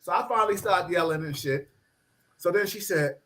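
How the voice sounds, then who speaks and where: A middle-aged man spins a long childhood tale in relaxed, casual conversation. His voice sits a little high for a man, and he keeps breaking into laughter and acting out the people in his story. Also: normal speed, a little hiss or hum.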